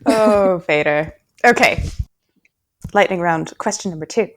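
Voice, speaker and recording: A woman's voice: fairly low pitch, a little slow. A woman hosting a podcast discussion in casual chat, talking freely and giggling often between remarks. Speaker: podcast host.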